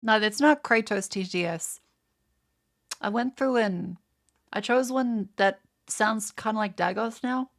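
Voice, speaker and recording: A woman's voice: medium pitch, unhurried. A woman with an Australian accent, chatting casually on a livestream and swearing freely. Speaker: streamer.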